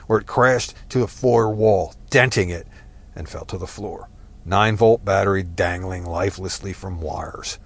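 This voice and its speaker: A man with a fairly low voice reads a tense story aloud. His delivery is measured and dramatic, slowing down to lean on key phrases. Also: vocal fry. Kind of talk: scripted story narration.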